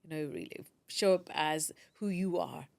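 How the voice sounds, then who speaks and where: A woman's voice: low-pitched, normal speed, vocal fry, no echo. A woman who is a podcaster and teacher, talking as a guest in a casual interview. She speaks emphatically, repeats phrases and often restarts her sentences.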